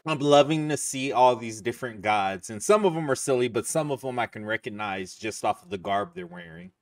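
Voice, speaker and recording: A man casually reacting to a movie for his channel, loose and excitable, laughing often. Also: mid-range voice, brisk, creaky, far from the mic.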